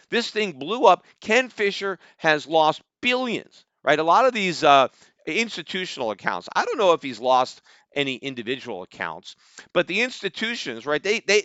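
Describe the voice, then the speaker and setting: A man's voice: on the high side, bright, forceful tone, dry recording, muffled recording. A middle-aged American man hosting a podcast, giving combative, sarcastic solo commentary and often asking "right?". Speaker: podcast host.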